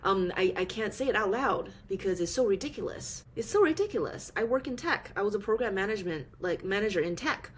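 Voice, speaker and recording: A woman in her thirties, from China, telling her own story as a podcast guest in lively, expressive chat, with frequent laughs and sudden jumps up in pitch. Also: brisk, hardly any pauses, a little hiss or hum. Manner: animated storytelling, laughs often, voice jumps up when excited. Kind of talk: casual interview chat.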